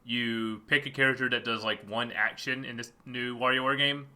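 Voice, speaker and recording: Male podcast co-host, laid-back and quick to laugh, very bright, edgy tone. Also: medium pitch, steady tone. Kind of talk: casual chat.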